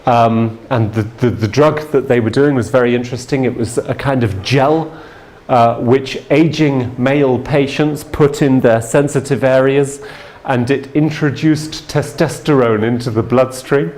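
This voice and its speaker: A man's voice: mid-range voice, unhurried, darkish tone. A man giving a sales training seminar from a stage, telling a story in a chatty way and checking in with the audience. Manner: anecdotal, chatty, checks in with "yeah?".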